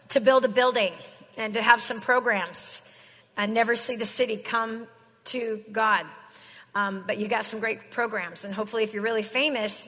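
A woman's voice: mid-range voice, pushed and bright, big-room sound. A woman giving a casual, slangy sermon, telling stories in a chatty way. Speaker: Christian speaker.

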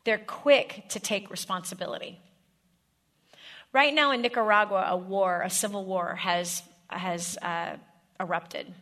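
Bright-voiced woman preaching to a congregation. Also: medium pitch, fairly even intonation, unhurried. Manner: direct, coaching the audience with scripts and repeated questions. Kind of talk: sermon.

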